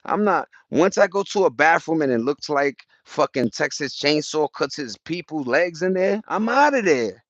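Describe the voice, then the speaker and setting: A man's voice: a little high, moderate pace, few pauses, a bit bright, no room sound, highs cut off. A man chatting loosely with his viewers on a live stream, slangy and profane, wandering from topic to topic. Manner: loose, profane, slangy and rambling, with frequent restarts. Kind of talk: rambling casual live chat. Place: outdoors.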